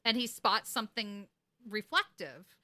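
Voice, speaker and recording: Female co-host, casual and lively, retells scenes and acts out the quotes, clear and bright tone. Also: medium pitch, a little slow. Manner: animated storytelling, acting out quotes, laughing. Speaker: podcast co-host. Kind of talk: casual recap chat.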